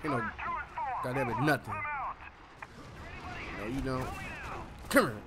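A young man giving loud, playful gameplay commentary, swearing and shouting at the game. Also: mid-range voice, unhurried, heavy background noise. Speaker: gamer streamer.

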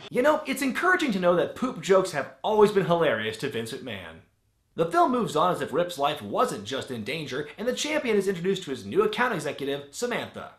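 A man's voice: a little high, huge pitch swings, fairly quick, a bit bright, slight background noise. A man hosting a comedic movie review, narrating in a sarcastic, wisecracking way. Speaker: host. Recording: roomy with music bed.

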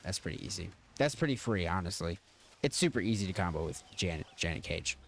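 Low-voiced man rambling through a game tutorial. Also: animated, quick pace, creaky, slight background noise. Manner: rambling, stop-start, frequent fillers. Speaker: gaming channel host. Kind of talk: casual game tutorial commentary.

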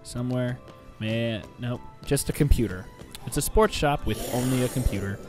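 With game music in the background, a man with a medium-pitched, darkish voice chats at a moderate pace while playing. His let's play remarks wander, crack jokes and regularly respond to the game itself.

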